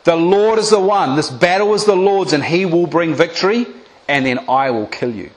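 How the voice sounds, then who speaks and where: A man preaching a sermon, retelling a Bible story with lively acted-out voices and direct appeals to the congregation. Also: fairly high pitch, moderate pace. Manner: animated storytelling, acting out biblical voices.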